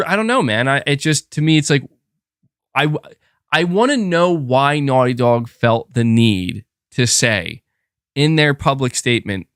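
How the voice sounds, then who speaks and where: Reading chat during a laid-back livestream, a man talks to viewers in a rambling manner, restarting often and leaning on fillers. His medium-pitched voice is fairly bright and smooth, in a dry, studio-quality recording.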